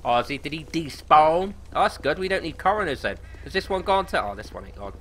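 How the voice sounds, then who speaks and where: A man with a British accent commentating on his gameplay, excitable, swearing a lot and laughing often. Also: fairly high pitch, quick pace, a little hiss or hum. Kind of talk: casual let's play commentary.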